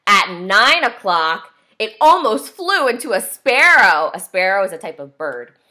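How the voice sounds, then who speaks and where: A woman teacher reading a picture book aloud to young children, asking them questions as she goes. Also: mid-range voice. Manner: slow, expressive, asks children questions.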